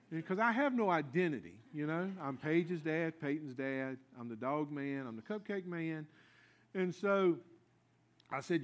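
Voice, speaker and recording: A man, preaching a sermon in a folksy storytelling way, swinging between loud lively asides and quiet earnest stretches. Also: a little high, moderate pace.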